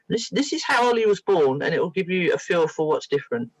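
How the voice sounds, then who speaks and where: A woman's voice: fairly low pitch, animated, fast, no room sound, low-quality recording. A middle-aged woman, sharing therapy stories as a guest on a talk show. Her voice swoops up and down with energy as she acts out the people in her stories. The sound is close and dry, with no room around it. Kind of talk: animated storytelling.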